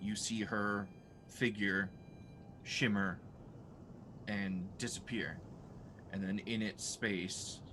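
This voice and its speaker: A man narrating as game master of a tabletop game, speaking in a relaxed, halting way with fillers. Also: fairly low pitch, noisy background. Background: music.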